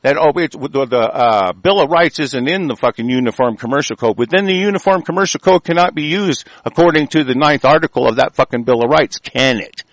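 A man's voice: medium pitch, fairly quick, hardly any pauses, no room sound. A man in an angry political rant, talking in a profane, aggressive way and stumbling over restarts.

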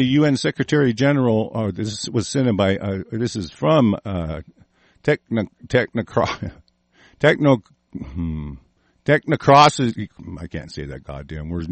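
A man's voice: on the low side, lively intonation, a little slow, pauses often, dry recording. A man hosting a commentary show, ranting angrily and swearing heavily while stumbling through news he reads aloud. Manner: angry, cursing heavily, shouting; stumbles over words while reading.

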